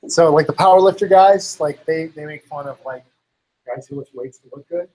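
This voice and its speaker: Husky man in rambling casual chat. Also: a little high, moderate pace, a little mellow, rough recording. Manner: rambling, heavy use of "like" and "you know"; acts out others' lines in quotes.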